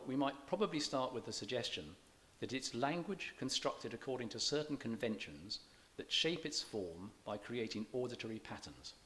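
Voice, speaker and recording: A man giving a public lecture on reading poetry. He explains in a measured way, with dry self-deprecating humour. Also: mid-range voice, a bit bright. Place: church event.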